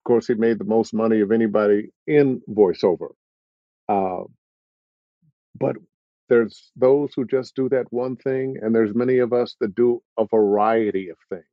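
A man speaking as a voice actor on a video-call panel, measured and thoughtful, pausing often. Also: fairly low pitch, fairly even intonation, no room sound, lo-fi sound. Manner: measured, thoughtful, with frequent pauses.

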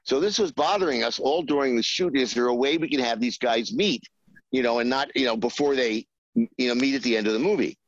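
As a screenwriter guest in an interview, a man with a mid-range voice shares a behind-the-scenes anecdote. He halts often, uses many fillers, and acts out the voices of people he quotes. The audio is dull with no room sound.

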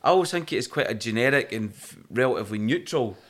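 A man's voice: medium pitch, expressive, fast talker, a bit bright. A Scottish man with a Falkirk accent, chatting casually and telling stories, swearing freely along the way. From Scotland. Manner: storytelling, swears freely, slips into quoted voices. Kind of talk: casual chat.

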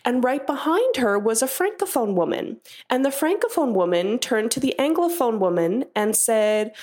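A woman with a slightly high voice tells an anecdote in a voicemail for a podcast. She speaks earnestly and ends with thanks. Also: animated, normal speed, few pauses, darkish tone. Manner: earnest storytelling, grateful. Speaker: listener leaving a voicemail.

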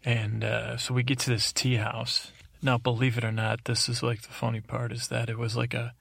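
A man telling a rambling comedic story as host, deadpan and halting, full of fillers and restarts, into a studio microphone. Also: mid-range voice, gravelly, no echo. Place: isolated recording space.

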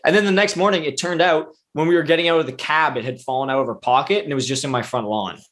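A man's voice: a little high, fast talker, fairly bright tone. A man who is a comedian guest on a podcast, telling stories in a rambling, hesitant way. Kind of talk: casual chat.

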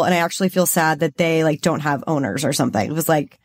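A woman's voice: sits low, quick pace. A young woman from Los Angeles co-hosting a podcast, talking in a bubbly, chatty way and saying "like" a lot. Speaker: podcast co-host. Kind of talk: casual chat.

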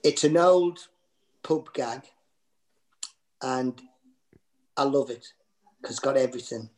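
Man, Geordie accent, middle-aged, comedian, rambling storyteller, lots of fillers, mid pitch. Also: takes it slowly, low-quality recording. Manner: rambling anecdotes with many fillers and restarts. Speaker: comedian guest. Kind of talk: casual interview storytelling.

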